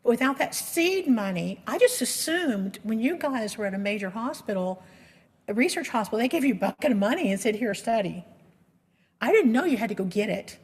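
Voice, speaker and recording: A woman's voice: on the high side, expressive, a little fast, slightly rough. Earnest woman advocate in a reverberant hall. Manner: earnest, emotional storytelling with restarts. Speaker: patient advocate giving a presentation. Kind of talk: personal storytelling presentation. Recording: long reverb of a lecture hall.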